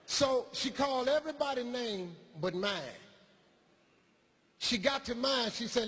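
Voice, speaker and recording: Profane, animated male stand-up storyteller. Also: very high voice, measured pace, pauses often, breathy edge, big-room sound. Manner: profane, animated, acts out characters. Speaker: stand-up comedian.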